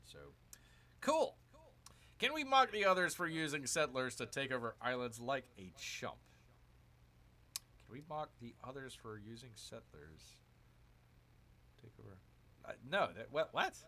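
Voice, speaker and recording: Male game streamer, lively swooping delivery, bright voice, faint music underneath. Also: mid-range voice, slight background noise. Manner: excitable, exclaims and addresses viewers as "people". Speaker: gaming streamer. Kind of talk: live game commentary, reading chat.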